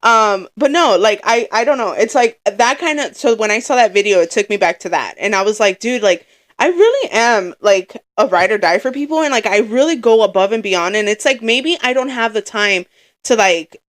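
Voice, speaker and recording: A woman's voice: fairly high pitch, expressive, moderate pace. A young woman co-hosting a podcast, talking in a rambling, filler-heavy, emotional way. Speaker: podcast co-host. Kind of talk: casual chat.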